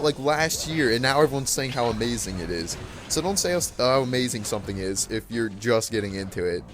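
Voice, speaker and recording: A man's voice: mid-range voice, animated, brisk. A teenage boy ranting casually over gameplay, rambling with lots of fillers and restarts in a puzzled tone. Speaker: gaming channel host.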